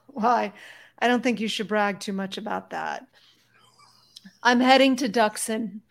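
A woman playing a tabletop role-playing game, speaking both in and out of character in a brisk, teasing manner. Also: medium pitch, gravelly. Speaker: player voicing a character.

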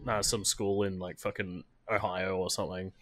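A man co-hosting a casual gaming podcast, telling stories in a deadpan, sweary way. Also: low-pitched, moderate pace, no room sound. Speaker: podcast co-host.

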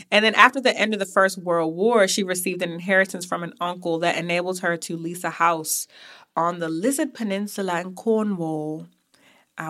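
Young woman podcast host, bright tone, casual digressive storyteller. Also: fairly low pitch. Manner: chatty, digressive, with asides to listeners.

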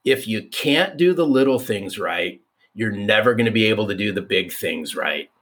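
A man's voice: fairly low pitch, animated, moderate pace, a bit bright. A man quoting his blunt, stern older mother-in-law as she lectures him, in a near-plain voice. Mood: stern advice.

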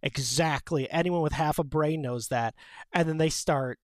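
Guy with a higher voice on a podcast, dry close mic, opinionated, says like a lot. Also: normal speed, dry recording. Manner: animated, opinionated, many "like" fillers. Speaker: podcast co-host. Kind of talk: casual chat about a manga.

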